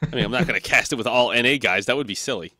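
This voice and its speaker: A young man hosting a casual show, upbeat and animated, laughing often. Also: mid-range voice, rapid-fire, no room sound, clean studio sound. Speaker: show host, tournament caster. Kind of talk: casual chat.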